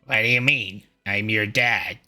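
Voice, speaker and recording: A man's voice: lowish voice, measured pace, over a noisy crowd. A man voicing a courteous, fatherly penguin shopkeeper in a slightly raised voice.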